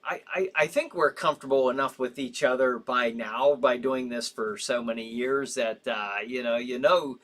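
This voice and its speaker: A man's voice: mid-range voice, moderate pace, a bit bright. A man hosting a live show in casual chat, reading out viewer comments with sympathy, rambling with frequent fillers and easy laughs.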